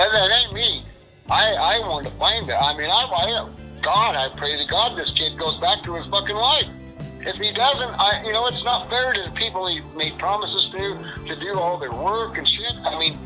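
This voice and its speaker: A man's voice: sits high, bright, forceful tone, low-quality recording. A middle-aged man being interviewed, talking in a rambling, profane, frustrated way. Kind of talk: casual interview.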